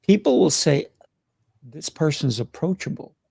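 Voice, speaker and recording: Gravelly man hosting a chat. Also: fairly high pitch, a little slow, dry recording, studio quality. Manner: animated, coaching tone with rhetorical questions. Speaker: host. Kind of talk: casual conversation.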